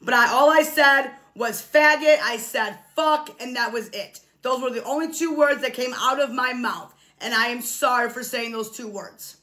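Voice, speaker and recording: High bright-voiced woman live streaming. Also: normal speed, few pauses. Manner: defensive, repeats herself insistently. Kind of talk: casual live-stream talk.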